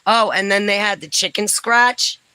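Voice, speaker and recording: A middle-aged woman from New Jersey, telling stories in a chatty vlog, breaking into lively exclamations and laughs. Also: medium pitch, normal speed, low-quality recording. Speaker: vlogger. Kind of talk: casual storytelling chat.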